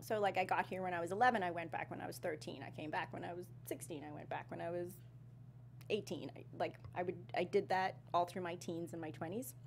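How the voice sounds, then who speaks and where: A woman in her thirties from South Africa, a guest in an interview, talking in a casual, animated way and laughing often, with a slight South African twang in her speech. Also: lowish voice, fast, vocal fry, a little hiss or hum. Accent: Canadian English with a slight South African twang. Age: 30s. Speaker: actress guest.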